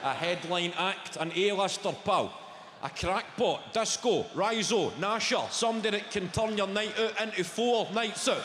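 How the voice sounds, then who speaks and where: A man's voice: sits high, moderate pace, noisy background. A young Scottish man doing live stand-up comedy, teasing the front row and swearing freely. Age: young adult. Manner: crowd banter, sweary and teasing. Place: large theatre stage, indoors. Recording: roomy live hall with loud crowd.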